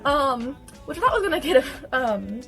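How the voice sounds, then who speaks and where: Bubbly young female vlogger, higher voice, very animated, soft music underneath. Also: normal speed, gravelly. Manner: bubbly, chatty, with sudden loud shouted outbursts. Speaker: social media creator. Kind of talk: casual vlog talk.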